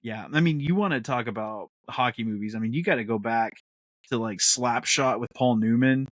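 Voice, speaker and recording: A man's voice: medium pitch, normal speed, no room sound. Chatty laughing man, dry mic. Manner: animated, laughs often, acts out quotes. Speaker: podcast host. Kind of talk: casual chat.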